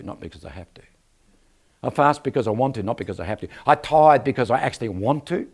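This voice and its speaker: With a medium-pitched voice and vocal fry, a man delivers a storytelling sermon in church. He asks rhetorical questions and prompts the congregation for an amen.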